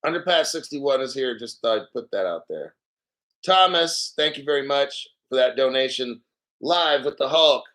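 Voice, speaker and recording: Expressive and a bit bright, a medium-pitched male voice at normal speed carries a livestream rant. The host can't believe what he's seeing, so he laughs a lot and swears as he comments.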